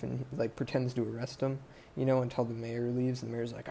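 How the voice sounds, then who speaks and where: A man with a gravelly, dark voice retells a film for his podcast. He talks in a flat, even tone. He rambles, swears a lot and keeps drifting off the plot. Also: medium pitch, fairly quick, slight background noise. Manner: rambling, profane, sidetracked. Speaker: podcast host. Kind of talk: casual movie recap.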